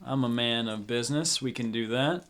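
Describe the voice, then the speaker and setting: A man voicing a shrewd, sly middle-aged businessman in a Western tabletop game, low and smug. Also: normal speed, a bit bright, close to an everyday voice.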